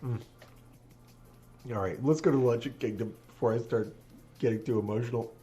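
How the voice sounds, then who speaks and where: A man's voice: medium pitch, fairly quick, mellow, faint music behind. A man rabbi chatting casually on a live stream while playing a game, earnest and moved, laughing often.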